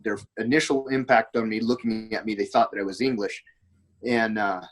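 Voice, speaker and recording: A man's voice: lowish voice, fairly even intonation, moderate pace, rough recording. A man, a podcast guest, talking in a rambling, anecdotal way during a casual conversation. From United States.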